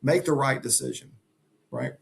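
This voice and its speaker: A man's voice: medium pitch, lively intonation, normal speed, creaky. A middle-aged man speaking as a podcast guest, earnest and emphatic in a motivational way. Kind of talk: conversational interview.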